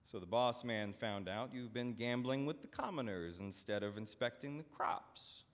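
A man voicing a surly, menacing male farmhand who speaks in a slow, smug growl, heard with long hall reverb. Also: medium pitch, close to an everyday voice.

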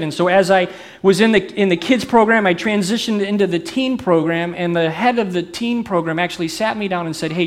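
A middle-aged male pastor giving an animated, conversational sermon, often putting questions to the congregation. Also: high-pitched.

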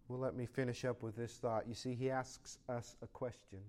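A male pastor preaching a sermon, swinging from loud, emphatic lines to soft, conversational asides in short repeated phrases. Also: medium pitch, level tone, normal speed.

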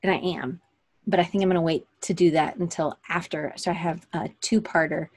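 A woman's voice: lowish voice, fairly even intonation, fairly quick, husky. A woman hosting a live online session, talking casually in a chatty, rambling way with many fillers and self-corrections. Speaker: host of a live online session for creative business owners. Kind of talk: casual livestream talk.

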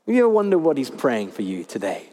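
A man preaching a sermon, speaking with lively emphasis and repeating his key phrases. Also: medium pitch, fast, long reverb tail. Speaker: pastor. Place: church hall.

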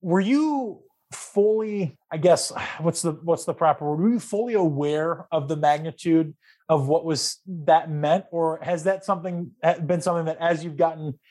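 Higher-pitched male interviewer. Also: moderate pace, a little mellow. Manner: searching for words, long rambling questions. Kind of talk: conversational interview questions.

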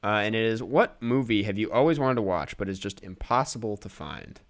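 Lively-voiced casual male podcast host. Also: lowish voice, a little fast. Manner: chatty, laughs often, many fillers. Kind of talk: casual chat.

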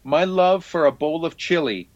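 A man putting on a deliberately poor Cockney accent to read out record etchings as a joke. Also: fairly high pitch, highs cut off, pitched above the performer's own voice, lightly acted. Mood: jokey. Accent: attempted Cockney. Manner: hammy, self-mocking.

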